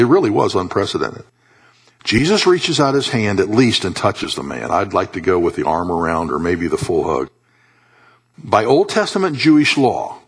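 A man preaching a sermon with passion, rising to loud high peaks and dropping to soft low tones. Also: breathy edge.

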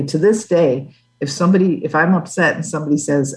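A woman giving a personal faith testimony as a guest, earnest and halting, with restarts. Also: low-pitched, steady tone, a little mellow, rough recording. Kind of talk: testimony in an interview.

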